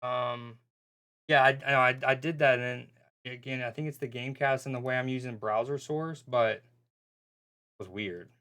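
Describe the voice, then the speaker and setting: A man's voice: mid-range voice, moderate pace, pushed and bright. A man hosting a live football watchalong stream, talking casually and rambling, often breaking off mid-sentence. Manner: rambling, self-interrupting, bemused.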